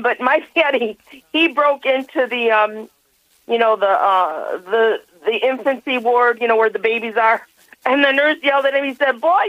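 A woman's voice: fairly high pitch, no room sound. An older woman calling in to a radio show, talking effusively and rambling with laughs. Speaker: caller. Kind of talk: phone-in call. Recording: muffled phone line.

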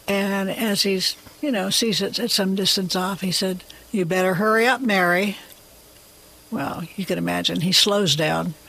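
Brief: interview guest author, gravelly fry, lively rambling storyteller. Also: medium pitch, low-quality recording.

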